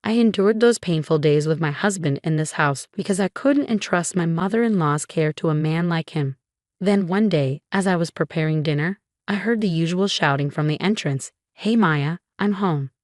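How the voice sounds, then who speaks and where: A woman reads a first-person drama story as scripted narration. Her delivery is even and measured, her voice sits lowish, and the sound is dry and close to the mic. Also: no echo.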